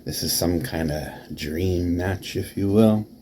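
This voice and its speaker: A man cutting a taunting wrestling promo, dropping to hushed whispers and then rising to shouts. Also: low-pitched, slow, background noise. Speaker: promo performer.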